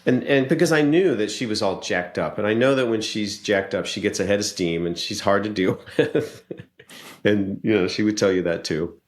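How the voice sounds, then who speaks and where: Low male podcast guest, earnest coaching tone, casual and repetitive. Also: moderate pace. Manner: earnest, coaching men directly, frequent restarts.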